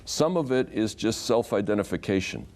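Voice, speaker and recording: Low, mellow-voiced man explaining scripture. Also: moderate pace. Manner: animated storyteller who acts out quotes. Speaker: Bible scholar guest. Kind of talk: explanatory teaching in conversation.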